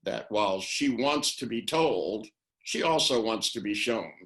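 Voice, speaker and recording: A man's voice: lowish voice, lively intonation, measured pace, a bit bright. An older man on a video call, talking casually and rambling through anecdotes, acting out the phrases he quotes. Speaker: interviewee, NLP trainer. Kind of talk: casual webinar talk.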